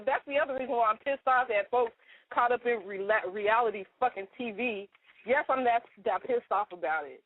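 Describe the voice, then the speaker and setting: A woman's voice: fairly high pitch, dry recording. A woman co-hosting a casual radio chat, calling in from her car and talking in an indignant, ranting way. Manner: indignant, ranting, talks fast. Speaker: co-host. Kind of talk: casual radio chat, reading a letter aloud. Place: in a parked car. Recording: tinny dry phone line.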